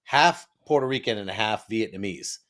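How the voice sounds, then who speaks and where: A man's voice: fairly low pitch, expressive, moderate pace, fairly bright tone. A man hosting a comedy talk radio show, telling a story casually and acting out the people in it. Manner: storytelling, acts out the people he quotes.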